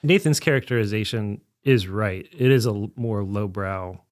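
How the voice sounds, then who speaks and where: Male co-host, low voice, dry close sound, short wry quips. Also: moderate pace, dry recording. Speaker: podcast co-host. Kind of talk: casual movie-review chat.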